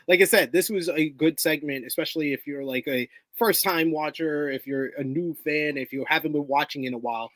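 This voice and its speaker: A man co-hosting a live wrestling review in casual chat, even-tempered, reading out viewer comments. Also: on the high side, no echo. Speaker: wrestling show co-host.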